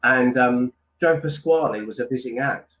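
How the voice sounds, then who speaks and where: A man's voice: mid-range voice, normal speed, a bit bright. A man, guest on a chat show, talking in a rambling, chatty way and calling people "mate". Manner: rambling, chatty, slips into impressions. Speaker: guest impressionist. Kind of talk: casual chat.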